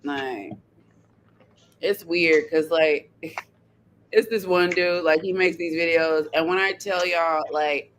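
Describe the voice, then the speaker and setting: A woman hosting a casual podcast chat, animated and sassy, laughing often as she talks. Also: sits low, takes it slowly, long pauses, a little hiss or hum. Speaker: podcast host.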